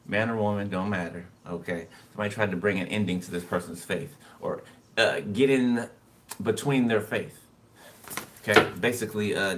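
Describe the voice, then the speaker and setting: A man giving a casual tarot reading, talking loosely to the viewer, laughing to himself and drawing cards as he goes. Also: lowish voice. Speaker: tarot reader. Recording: distant mic with loud background noise.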